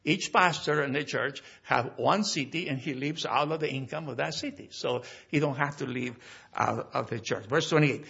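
A man from South America preaches a sermon, reading scripture in a slow, lifted voice and then breaking into quick, broken-English asides and stories. His voice sits high and bright with a husky grain. The recording is muffled and lo-fi. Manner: non-native grammar and frequent restarts. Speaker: pastor.

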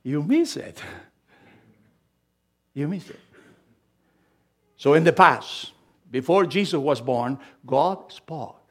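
Male pastor, emphatic sermon delivery, voice a touch higher than usual, swings from soft to loud. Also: lively intonation, slow, long pauses. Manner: emphatic, swings between quiet asides and loud scripture reading.

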